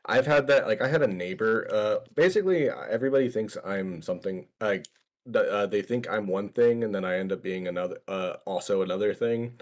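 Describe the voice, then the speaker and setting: Deep-voiced man, halting and full of fillers. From Hispanic background. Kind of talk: casual group discussion.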